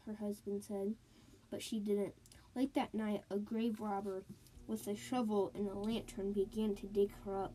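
A storyteller with a warm, medium-pitched voice and a level tone tells spooky folk tales aloud at a normal speed. She uses sound words and sing-song repeated lines, heard through a low-quality recording.

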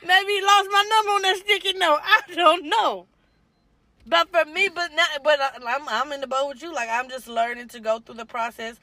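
A young woman chats casually on a podcast, calling her listeners y'all and laughing easily. Her voice is high and bright. The sound is dry and close to the mic. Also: moderate pace, no room sound. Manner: chatty, addresses listeners as y'all, laughs often. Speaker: podcast co-host. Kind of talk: casual chat.

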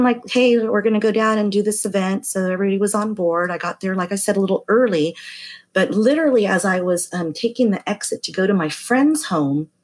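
A woman's voice: mid-range voice, slightly rough. A middle-aged woman, a massage therapist, telling a story in casual chat and acting out the voices of people she quotes. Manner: chatty, acts out quoted voices.

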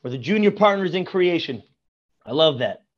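A man's voice: a little high, lively intonation, moderate pace, highs cut off. A man, a rabbi guest on a podcast, teaching Torah through storytelling and effusive in his praise. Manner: effusive, repeats praise often.

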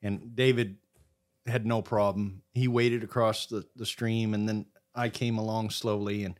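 A man from Maine, a podcast guest, telling a hunting story in a casual, animated way, his voice swinging between loud and soft. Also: on the low side, a little slow.

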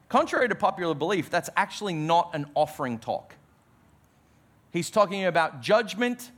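A man preaching a sermon as pastor, emphatic, dropping his voice low on key words. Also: a bit bright.

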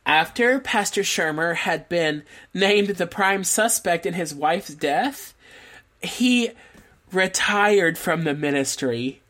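A woman with a somewhat low voice walks through a true crime case on a podcast. She keeps it loose and chatty, laughing and tossing in jokey asides between the facts. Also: slow. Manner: laughs often, relaxed storytelling with asides. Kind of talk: casual true crime chat.

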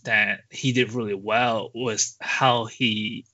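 A man's voice: fairly low pitch, level tone, slow pace, pushed and bright, no room sound, lo-fi sound. A man co-hosting a podcast, mostly chiming in with short reactions and musing replies in casual chat. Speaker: podcast co-host.

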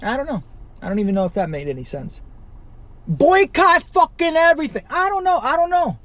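Chicago podcast guy ranting solo, swears nonstop, keeps asking "right?", lively voice that jumps all over. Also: very high voice, brisk. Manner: swears constantly, loud outbursts, rhetorical "right?". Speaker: podcast host. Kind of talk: profane solo rant.

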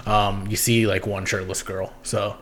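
A man's voice: lowish voice, little pitch movement, a little slow, a bit bright, a little hiss or hum. A young man hosting a casual podcast chat, rambling with lots of ums and giggles. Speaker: podcast host.

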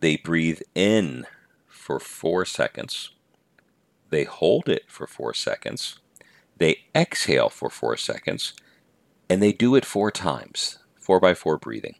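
Very deep gravelly man coaching. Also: big pitch swings, slow pace, dry recording. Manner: earnest, repetitive, lists numbered points. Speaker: podcast host and teacher-coach. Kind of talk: motivational talk on patience.

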